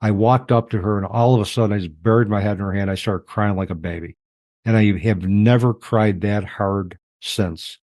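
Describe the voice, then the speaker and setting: Low-voiced reflective middle-aged man. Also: fairly even intonation, a little mellow, dry recording. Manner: reflective, halting, emotional. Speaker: interview guest. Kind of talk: personal storytelling in an interview.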